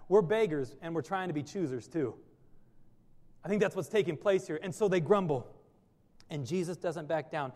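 Male pastor, sermon delivery, earnest and questioning, a touch high-pitched, reverberant sanctuary sound. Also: darkish tone. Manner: earnest preaching with many rhetorical questions.

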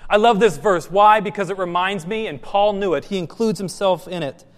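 A man's voice: sits high, normal speed, long reverb tail. A man preaching a sermon as pastor, asking the congregation questions and repeating phrases for emphasis.

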